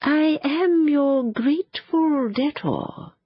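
A woman voicing a grand phoenix bird in an audiobook, speaking slowly and loftily. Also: high-pitched, no room sound, voice pushed up. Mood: lofty. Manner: slow, lofty and drawn out. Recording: dull, muffled dry studio sound.

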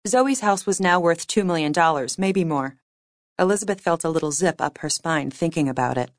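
A woman reading fiction aloud as an audiobook narrator, with measured, wry storytelling. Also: low voice, animated, no echo, clean studio sound. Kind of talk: scripted narration.

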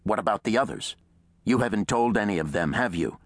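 A man's voice: fairly low pitch, sing-song, moderate pace, no echo. A man voicing an outraged old professor. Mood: wary. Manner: forceful, indignant, emphatic.

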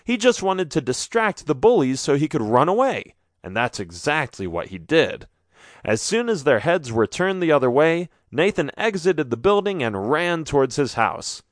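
A man reads a children's story aloud, animated and expressive. His pitch rises and falls freely through each sentence. The studio sound is dry and close. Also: normal speed, no echo. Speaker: audiobook narrator. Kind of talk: scripted narration of a children's story.

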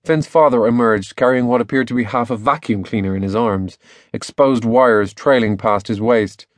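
A man narrating a children's novel as an audiobook, lively storytelling with many character voices. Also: mid-range voice, normal speed, no echo.

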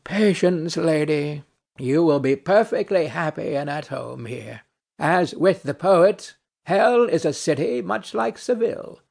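A bored, ironic nobleman who lectures with dry mockery, voiced by a man reading a play. His speech is slow and gravelly, with a lively rise and fall. The voice stays fairly high for a man. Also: full character voice. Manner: dry, mocking, philosophical. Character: weary, ironic nobleman and duelist in hell. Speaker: audiobook narrator. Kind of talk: reading a stage play aloud.

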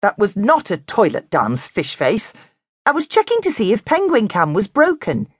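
A woman voicing a boastful, show-off young male penguin in a children's storybook, high and excitable. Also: moderate pace, breathy edge, dry recording, studio quality. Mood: indignant.

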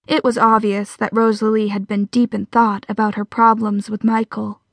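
A woman narrating a romance audiobook in a steady, even storytelling voice. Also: on the high side, no room sound. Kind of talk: scripted narration.

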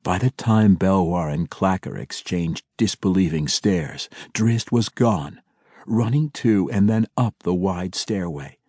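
A man narrating a fantasy audiobook in a measured, dramatic storytelling manner. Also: sits low, expressive, darkish tone, husky, no echo, clean studio sound. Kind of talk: scripted narration.

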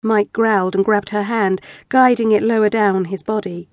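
A woman narrating erotic fiction with a measured, intimate reading on a close studio mic. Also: mid-range voice, fairly even intonation, darkish tone, no echo. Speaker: audiobook narrator.

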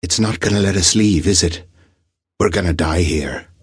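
A young aide in his late twenties, tense and urging, speaks in a low, husky voice, as a man reads him. The delivery is close and dry, as in a storybook read aloud. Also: moderate pace, dry recording. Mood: anxious. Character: young male aide, 28, anxious but steady.

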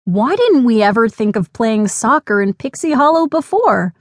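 A woman's voice: a little high, sing-song, normal speed, dry recording. A woman voicing a confident, sporty young girl in a storybook, upbeat and reassuring. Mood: eager. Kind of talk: storybook character voice. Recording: dry studio recording.

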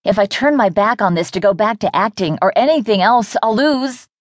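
A woman's voice: medium pitch, normal speed, no room sound, natural voice. A woman narrator voicing a young, struggling actress who sounds emotional and defensive. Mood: hurt. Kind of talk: first-person audiobook character voice.

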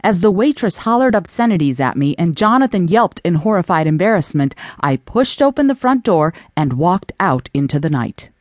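Animated woman narrating an audiobook. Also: lowish voice, dry recording. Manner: expressive, animated reading. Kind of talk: first-person audiobook narration.

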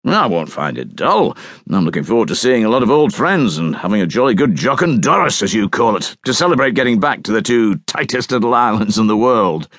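A man's voice: lowish voice, big pitch swings, a little fast, a bit bright, dry recording, studio quality. A man voicing a cheerful middle-aged soldier who talks in a hearty, jovial way.

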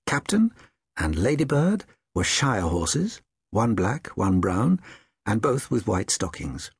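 A man narrating a children's audiobook with expressive, lively storytelling. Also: lowish voice, slow, slightly rough, dry recording, studio quality.

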